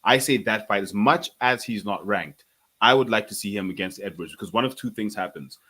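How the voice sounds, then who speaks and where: Measured low-voiced male podcast co-host. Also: bright, forceful tone, husky. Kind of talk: casual MMA chat.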